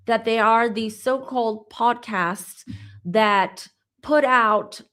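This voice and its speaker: A woman in her forties hosting a psychic channel, telling a personal story in a chatty, animated way with asides to her viewers. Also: medium pitch. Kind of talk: casual storytelling to camera.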